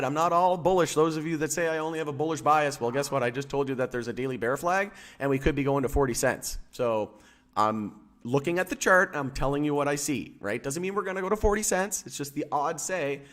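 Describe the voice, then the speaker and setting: A man's voice: on the high side, lively intonation, brisk, fairly bright tone. A man hosting a casual live stream about stock charts, rambling with many fillers and firing questions at his chat.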